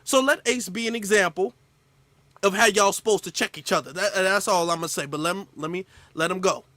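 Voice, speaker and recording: A man hosting a reaction commentary, animated and mocking. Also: high voice, brisk, dry recording. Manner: animated, mocking impressions of others. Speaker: commentary host.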